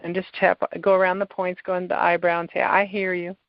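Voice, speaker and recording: A woman hosting a podcast, calmly guiding a client through a tapping session step by step. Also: fairly low pitch, a little fast, no room sound. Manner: calm, coaching, gives step-by-step prompts. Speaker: tapping practitioner and podcast host. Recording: dull, lo-fi sound.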